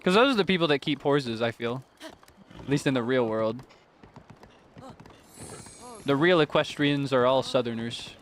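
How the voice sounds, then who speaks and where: A man's voice: medium pitch, lively intonation, normal speed, long pauses, slight background noise. A man streaming a video game, chatting casually in a playful way and laughing often. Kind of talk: casual gameplay commentary.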